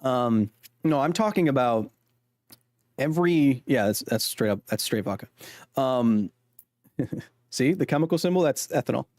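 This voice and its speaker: A man's voice: medium pitch, lively intonation, measured pace, pauses often, a little mellow, no room sound, studio quality. A man hosting a casual gameplay livestream, joking as he reads and answers his chat's messages. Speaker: livestream host.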